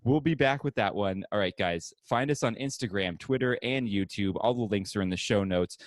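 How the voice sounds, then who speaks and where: A man's voice: lowish voice, normal speed, dry recording. A man hosting a casual podcast from home, chatting, laughing often and running through the show's plugs. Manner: laughs often while plugging the show. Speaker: podcast host. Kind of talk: casual chat and show plugs.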